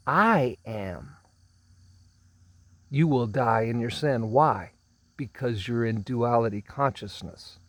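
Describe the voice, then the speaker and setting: A man giving a spiritual teaching talk, speaking slowly and emphatically, drawing out and repeating words and often clearing his throat. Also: medium pitch, a little mellow, no room sound. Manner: slow, emphatic, drawn-out phrasing with repeated words.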